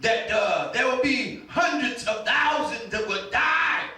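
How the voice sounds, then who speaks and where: Male pastor, fervent sermon delivery, slow and bright; recorded far off in a very reverberant sanctuary. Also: very high-pitched, animated. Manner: fervent preaching, shouting and half-singing, repeated stammered starts. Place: church sanctuary. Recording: very echoey room, mic at a distance.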